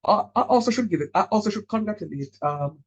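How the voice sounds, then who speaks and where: Male math lecturer, husky, slightly high voice, patient and encouraging. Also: expressive, muffled recording. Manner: encouraging, repeats key points slowly. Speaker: calculus lecturer.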